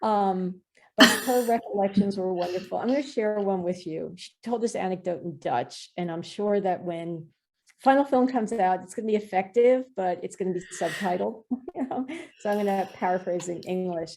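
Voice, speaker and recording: A woman's voice: mid-range voice, moderate pace. A woman in her fifties, a film director chatting as a podcast guest, telling stories with lots of fillers. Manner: animated storyteller, many fillers. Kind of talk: casual interview chat.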